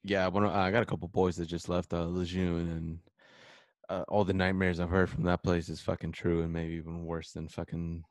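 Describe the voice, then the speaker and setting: A laid-back man with a very deep, gravelly voice spins a profane, joking story for a podcast. The sound is close and dry, and he chuckles often as he talks. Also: level tone, moderate pace, dry recording. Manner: laid-back, swears often, laughs while telling stories. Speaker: podcast co-host, Navy corpsman veteran. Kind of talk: casual profane storytelling chat.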